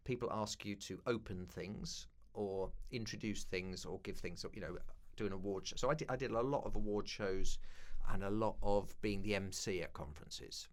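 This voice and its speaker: Brief: London man, fifties, low-ish voice, wry self-deprecating storyteller in a chat interview. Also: moderate pace, hardly any pauses. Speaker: guest, broadcaster and keynote speaker.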